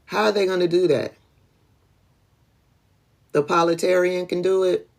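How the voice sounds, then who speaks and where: A woman's voice: fairly low pitch, steady tone, measured pace, creaky. A woman hosting a casual political livestream, blunt and profane, often laughing, speaking. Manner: blunt, profane, laughing, talks to chat viewers by name.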